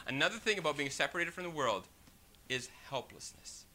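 High, bright-voiced preaching man. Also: fairly quick, a little hiss or hum. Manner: animated, rhetorical, keeps asking "right?"; reads scripture in King James wording. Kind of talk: sermon.

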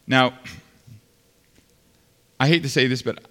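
Fervent preacher with a bright voice. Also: male voice, a little high, expressive, normal speed. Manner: swings from loud fervent preaching to quiet earnest speech. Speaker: pastor. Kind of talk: sermon. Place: large church sanctuary. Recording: long hall reverb.

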